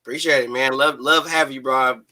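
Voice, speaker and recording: Bright animated man hosting boxing talk. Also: medium pitch, normal speed. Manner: animated, slangy, emphatic. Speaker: host. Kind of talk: casual boxing talk show.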